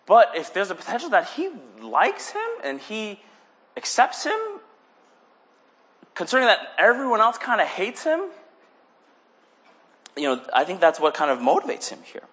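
A young man giving a casual sermon, animated, often acting out little voices for the people he talks about. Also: high voice, moderate pace, pauses often. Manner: animated, acts out voices in quotes. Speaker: preacher.

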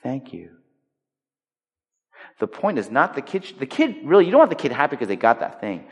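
A man's voice: mid-range voice, huge pitch swings, fast talker. Man preaching in a reverberant hall. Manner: conversational, emphatic preaching, swinging between loud stresses and hushed points. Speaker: pastor. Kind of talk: sermon. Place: large hall. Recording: long reverb of a large hall.

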